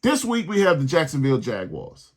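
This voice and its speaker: A man's voice: on the high side, huge pitch swings, a little fast, darkish tone. A man hosting a sports podcast, ranting in a heated, exasperated way and repeating his points.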